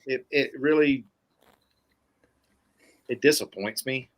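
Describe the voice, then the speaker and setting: A man's voice: medium pitch, takes it slowly. A man chatting on a podcast, rambling with many restarts and folksy sayings. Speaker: podcast co-host. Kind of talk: casual podcast chat.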